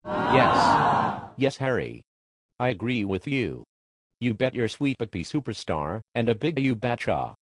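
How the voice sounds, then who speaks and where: A man's voice: medium pitch, sing-song, normal speed, no room sound. A man from Minnesota co-hosting a comedic sports show, with hammy, theatrical announcer banter. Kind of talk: jokey scripted banter.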